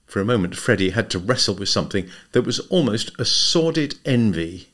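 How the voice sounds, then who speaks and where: A man narrating a comic novel as an audiobook reader, with expressive storytelling. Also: on the low side, a little fast. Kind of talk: scripted narration.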